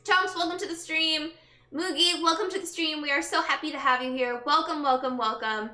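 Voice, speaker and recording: Tired young woman streamer, bright highish voice, echoey room, faint music behind. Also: brisk. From Texas. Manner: chatty, greets viewers by name, tired. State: exhausted. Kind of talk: casual chat with viewers. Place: her bedroom.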